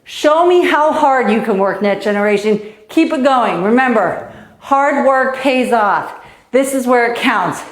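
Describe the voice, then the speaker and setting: A woman's voice: fairly high pitch, lively intonation, unhurried. A woman coaching kids through a live online tennis lesson, out of breath and encouraging them while she hits and counts. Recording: echoey room.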